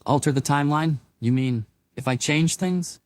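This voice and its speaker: A man's voice: on the high side, moderate pace, voice pushed up, natural voice. A man voicing a nervous young man who answers hesitantly and stammers.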